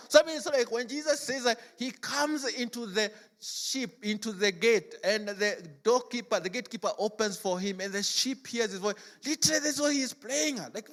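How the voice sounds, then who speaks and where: A man's voice: high voice, a bit bright. A man preaching a sermon in a church, telling stories in a chatty way full of "like" and "as it were". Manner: chatty storytelling, frequent "like" and "as it were". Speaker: pastor.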